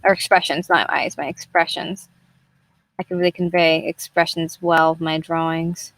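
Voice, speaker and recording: A woman's voice: low voice, little pitch movement, moderate pace, fairly bright tone. A young woman chatting casually and rambling while she streams herself drawing, swearing freely along the way. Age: young adult. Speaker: artist streaming her work. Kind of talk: casual live-stream chat.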